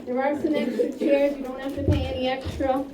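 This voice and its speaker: A woman speaking at a school library ceremony, telling a lively anecdote and acting out the quoted dialogue. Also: sits high, a little fast, crowd noise. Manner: storytelling, acts out quoted dialogue. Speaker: school staff hosting a ceremony. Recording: echoey room from far off, faint noise.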